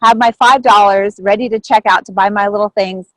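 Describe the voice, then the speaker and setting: A woman telling a personal story on a video call, lively and animated, acting out what others said with big jumps in pitch. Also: fairly quick, dry recording, rough recording. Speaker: group member sharing a story.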